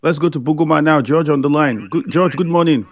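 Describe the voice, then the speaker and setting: A man hosting a radio call-in show, briskly thanking callers and moving on to the next. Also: fairly high pitch, dry recording. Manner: brisk, moves callers along quickly. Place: radio studio.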